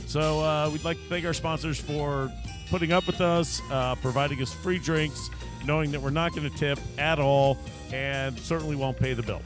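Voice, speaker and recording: A man with a slightly high voice hosts a podcast from a bar, ribbing his friends and himself in loose, joking banter. Music plays clearly behind him. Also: steady tone, moderate pace. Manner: joking, self-deprecating. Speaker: podcast host.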